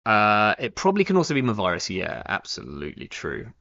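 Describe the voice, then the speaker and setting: A young man chats through his card game on a live stream, thinking aloud, full of fillers and restarts. His voice sits fairly low but rises and falls a lot as he talks. The stream audio is dull and lo-fi. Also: wildly swooping pitch, brisk, bright, forceful tone. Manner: rambling, thinks aloud with many fillers and self-corrections. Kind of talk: casual live-stream commentary.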